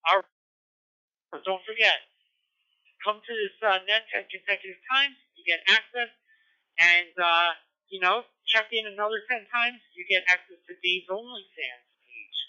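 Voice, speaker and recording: A man's voice: sits high, normal speed, bright, forceful tone, smooth. Chatty man on muffled radio audio. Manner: chatty, jokey, with many fillers. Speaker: net check-in with traffic. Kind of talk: casual joking radio chat.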